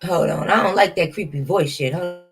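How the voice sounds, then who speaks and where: A woman's voice: on the low side, brisk, faint music behind, low-quality recording. A woman hosting a reaction stream, talking casually and skeptically straight to her viewers. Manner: chatty, talks to viewers directly, skeptical. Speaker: reaction channel host. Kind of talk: casual commentary.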